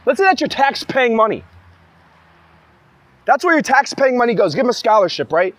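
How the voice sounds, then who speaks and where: A man's voice: very high voice, sing-song, normal speed, a bit bright, no room sound. A young man in a heated, rambling monologue, speaking in an agitated way full of restarts. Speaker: vlogger ranting to camera.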